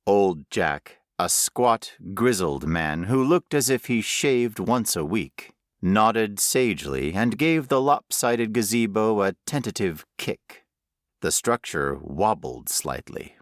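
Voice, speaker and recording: Male audiobook narrator, slow and lively in pitch, lowish voice, dry close mic. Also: no room sound. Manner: unhurried, expressive reading. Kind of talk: scripted narration.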